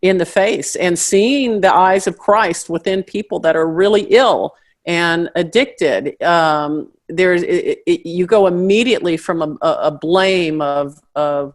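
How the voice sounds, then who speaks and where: A middle-aged woman with a slight Southern American accent, telling stories in a casual interview and acting out other people's voices with big jumps in pitch. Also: a little slow. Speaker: comedian and actress guest.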